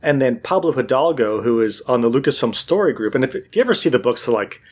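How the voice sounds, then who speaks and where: A man's voice: medium pitch, fast talker, husky. A man in casual chat, telling a long story and acting out what other people said. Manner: animated storyteller, acts out quotes.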